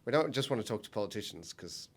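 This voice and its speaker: Joking man, lowish voice. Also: lively intonation, fast. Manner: jokey, teasing interviewer. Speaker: podcast co-host. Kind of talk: casual chat.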